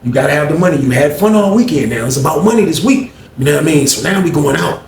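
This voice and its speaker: A man's voice: on the high side, expressive, fast, vocal fry, slight background noise. A young adult man from Norfolk, Virginia, casually telling a story and acting out other people's voices, dropping "man" and "bro" into his lines. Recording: echoey room, faint ambience.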